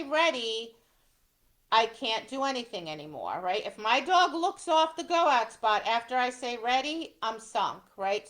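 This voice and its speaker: Middle-aged woman instructor, slightly high voice, slow and deliberate, walking through ring procedure and checking in with "right?". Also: fairly bright tone. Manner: explains step by step, often adds "right?". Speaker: dog obedience instructor. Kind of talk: instructional talk.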